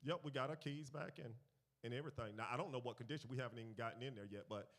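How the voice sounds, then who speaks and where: A man's voice: mid-range voice, rapid-fire. Man preaching with call-and-response. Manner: repeats key phrases, rallies the congregation; animated storytelling, swings from quiet to loud. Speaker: church teacher leading a finance talk. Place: church gathering.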